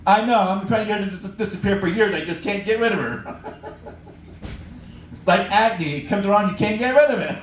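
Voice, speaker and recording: This middle-aged comedian has a high, animated voice at a normal speed, pausing often as he rambles through a stand-up set and chuckles at his own material. He's performing live in a small cafe, picked up by a distant mic in an echoey space with slight background noise.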